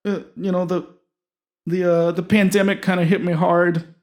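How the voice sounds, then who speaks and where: A dim, boastful baseball slugger hosting a talk show, as a man puts him on, with a high, loud voice. He talks in a goofy, excitable and crude way, and it is a comedy character sketch. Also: moderate pace, natural voice. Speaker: host.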